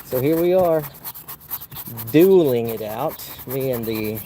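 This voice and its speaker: Out in a wildflower field, a plein air painter chats to viewers while he works, playful, wry and rambling. His mid-range voice is warm and animated but slow-paced, with slight background noise.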